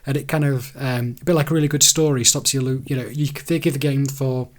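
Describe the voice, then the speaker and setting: A man's voice: mid-range voice, steady tone, fast. A young man co-hosting a gaming podcast, rambling through stories in casual chat and laughing as he goes. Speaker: podcast co-host.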